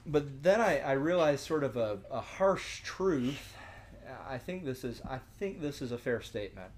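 A man's voice: mid-range voice, animated, unhurried, a little hiss or hum. A young man leading a church discussion, teaching in an earnest, conversational sermon style with frequent restarts and rhetorical asides. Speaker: discussion leader.

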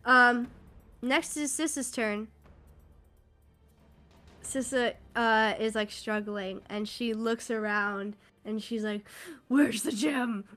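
A woman's voice: fairly high pitch, steady tone, takes it slowly, pauses often, bright, forceful tone, faint music behind. A woman narrating a tabletop game as game master, chatty and loose, laughing with her players.

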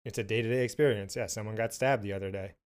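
A young adult man hosting a podcast interview, thinking out loud in a reflective, hesitant way with many fillers. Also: on the low side, fairly even intonation, quick pace, smooth. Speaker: podcast host. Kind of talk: casual interview talk.

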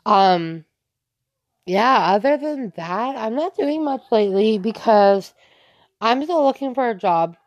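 A woman's voice: a little high, lively intonation, takes it slowly. Young girl rambling on her podcast, says like a lot, swears some, kinda muffled lo-fi mic. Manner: rambling, loose, peppered with "like" and swearing. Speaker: podcast host. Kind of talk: casual solo podcast storytelling. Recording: slightly dull lo-fi recording.

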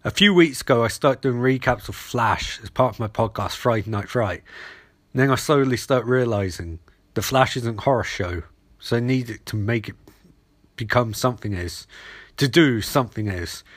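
A man's voice: medium pitch, normal speed, fairly bright tone, dry recording. A man hosting his own podcast, recapping a TV episode casually and jokingly, briefly mimicking characters as he goes. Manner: rambling and jokey, briefly mimicking characters in quotes. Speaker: podcast host.

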